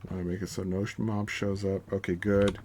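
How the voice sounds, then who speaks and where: A man with a fairly low voice chats through his gameplay stream, narrating each move in a loose, self-amused way and now and then going mock-grandiose. Faint keyboard typing sits under his voice. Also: little pitch movement, fairly quick, a little mellow, a little hiss or hum. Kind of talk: casual gameplay commentary.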